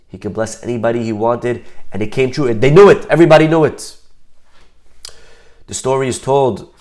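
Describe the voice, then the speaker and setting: A man giving a storytelling talk, lively and acting out the people he describes. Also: mid-range voice. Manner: animated, acts out the people in his story. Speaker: speaker.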